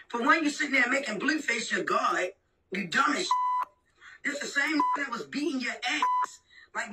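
A woman's voice: high voice, distant mic, heavy background noise. A woman in a heated, profane rant scolding her sister, repeating herself and swearing. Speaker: sister ranting online. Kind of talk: angry recorded rant.

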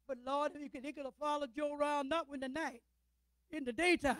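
Older man preaching, high and dry, rhetorical call-outs, loud then hushed. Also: steady tone, quick pace, dry recording, poor audio. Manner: swings between loud declarations and low, quiet asides. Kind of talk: sermon.

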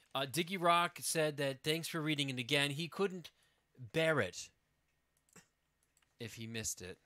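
A man chatting on a live stream with a very bright, sharp-edged voice. He rambles, cuts himself off and restarts, and reads goofy fill-in-the-blank stories with a mock-serious air. The sound is close and completely dry, with no room echo at all. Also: fairly high pitch, slow pace, long pauses. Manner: rambling, chatty, trails off and restarts mid-thought; playful, reads silly word-game text with mock seriousness. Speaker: live streamer co-hosting with his wife. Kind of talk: casual live-stream chat and comic reading aloud.

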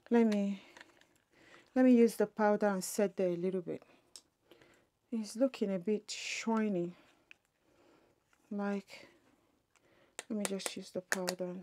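A woman's voice: medium pitch, dark tone, a little hiss or hum. A woman, chatting casually and muttering to herself as she does her makeup in a get-ready-with-me beauty vlog at home. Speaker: beauty vlogger.

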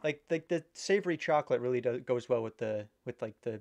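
A man's voice: medium pitch, lively intonation, fast talker, vocal fry, darkish tone. A man chatting casually while ranking candy, rambling and swearing now and then. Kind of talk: casual chat.

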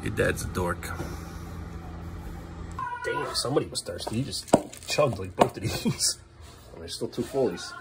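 Playful dad in a noisy home video. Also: male voice, lively intonation, unhurried, gravelly, pauses often. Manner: playful, sing-song baby talk to the kids, often jumping up high. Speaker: father and vlogger. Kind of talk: casual home vlog talking to his young sons. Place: family home, kids' bedroom.

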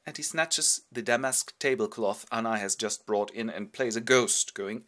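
A man's voice: mid-range voice, lively intonation, a little fast, few pauses, fairly bright tone. A man retelling a stage play with wry, chatty, ironic narration. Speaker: host. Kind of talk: wry theatrical storytelling summary.

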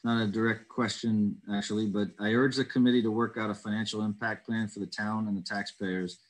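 A man's voice: on the low side, little pitch movement, a little fast, low-quality recording. A man chairing an online town committee meeting, reading out residents' questions and answering them carefully with many ums and uhs. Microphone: video call.

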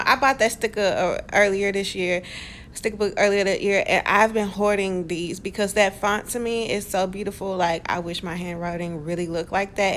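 A woman's voice: medium pitch, fairly bright tone, a little hiss or hum. A woman vlogger chatting in a casual voice-over, playful and rambling, talking straight to her viewers with self-amused asides. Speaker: planner vlogger.

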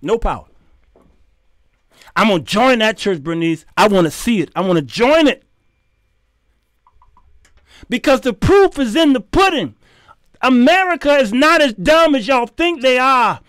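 A man's voice: extremely high pitch, expressive, unhurried, long pauses, a bit bright, smooth, no room sound, studio quality. A man hosting his show, delivering a heated, preachy commentary rant that scolds his listeners and repeats phrases for emphasis. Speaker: host.

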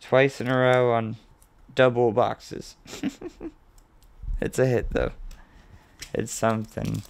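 A man hosting his own video, calmly listing card names as he opens packs and getting excited at the good pulls, with the odd swear word. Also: mid-range voice, slow pace, gravelly, long pauses. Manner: relaxed, mildly profane. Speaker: host. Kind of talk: casual card-opening commentary.

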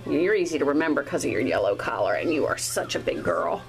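A woman breeder talking casually while filming her puppies one-handed indoors, now and then cooing at them in a high baby-talk voice. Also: sing-song, fast, gravelly, faint music behind, rough recording. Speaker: dog breeder. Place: indoors at a puppy litter area. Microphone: handheld camera, filming one-handed.

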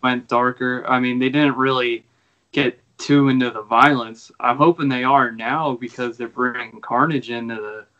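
A man's voice: medium pitch, steady tone, moderate pace, pushed and bright, highs cut off. A man co-hosting a casual film podcast over a video call, offhand and blunt in his opinions. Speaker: podcast co-host.

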